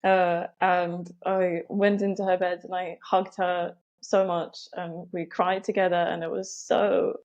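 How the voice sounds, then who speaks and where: A woman's voice: on the low side, flat delivery, a little slow, hardly any pauses, darkish tone, lo-fi sound. A young woman telling a personal story as a podcast guest, reflective and full of "um" and "like". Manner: reflective, many "um" and "like" fillers.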